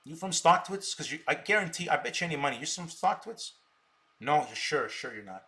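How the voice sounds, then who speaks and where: A man's voice: a little high, expressive, brisk, pushed and bright. A man hosting a live stream, combatively ranting at viewers and tripping over repeated words as he talks. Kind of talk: unscripted live stream talk.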